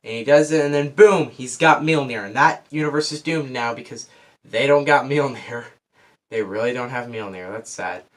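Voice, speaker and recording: Male vlogger, mid-pitched, winded, rambling casual spoiler review. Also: moderate pace. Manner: rambling, loses track and restarts. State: out of breath. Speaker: film reviewer.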